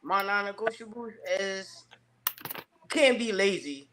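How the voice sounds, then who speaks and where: A man's voice: sits high, lively intonation, slow pace, noisy background. A man in his thirties talking casually and emphatically on a podcast, with slangy phrasing. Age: 30s. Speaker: podcast guest.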